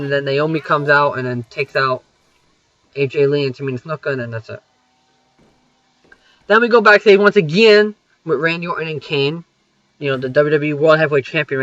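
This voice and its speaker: A man's voice: a little high, pushed and bright, no room sound, lo-fi sound. A young man rambling through a wrestling recap over gameplay, swearing freely and filling gaps with "you know" and "um".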